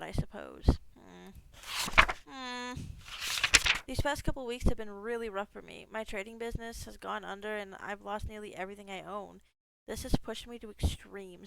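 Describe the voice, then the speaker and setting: A woman's voice: mid-range voice, gravelly, slight background noise, rough recording. A woman gaming streamer reading a text game aloud, breaking off into casual asides, swearing freely and laughing at herself.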